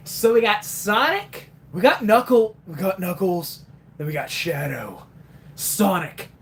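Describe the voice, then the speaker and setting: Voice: mid-range voice, expressive, a little slow. A streamer chatting casually on a live stream, joking and swearing between character voices. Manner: joking, profane, laughs often.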